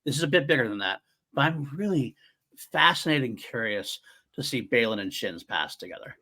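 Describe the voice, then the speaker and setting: A man with a bright, forceful voice talks through a fan podcast review as co-host. He is eager and chatty, and he often laughs while acting out favorite lines. His pitch sits in the usual middle for a man. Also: normal speed. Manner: excited, laughs while quoting scenes.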